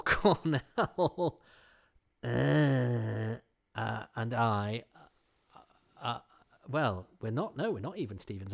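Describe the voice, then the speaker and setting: Speaking with a fairly low pitch and a slightly bright tone, a middle-aged English podcast host rambles casually. He keeps cutting himself off, restarting, and leaning on fillers.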